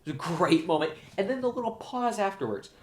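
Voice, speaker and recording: A man hosting his own show, giving an excited, gushing solo movie review. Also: high voice, quick pace. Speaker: show host, film reviewer.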